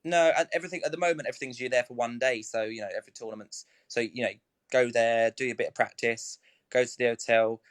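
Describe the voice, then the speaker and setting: A man's voice: medium pitch, steady tone, fast talker, no room sound. A young man, a snooker player chatting as a guest, rambling with many fillers and restarts. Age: young adult. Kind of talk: casual live chat.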